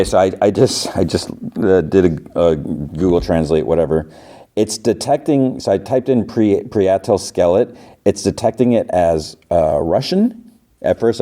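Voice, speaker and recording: A man's voice: deep voice, mellow. A man hosting a podcast, recapping an episode casually and rambling with lots of "like" and restarts. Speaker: podcast host.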